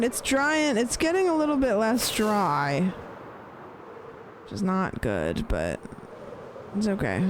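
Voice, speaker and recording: Casual streamer voice, rambling gamer chat, mid pitch, background hiss. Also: big pitch swings, slow pace, pauses often. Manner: chatty, rambling, swears casually; playful repeating of phrases with shifting stress. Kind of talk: casual live-stream chat while gaming.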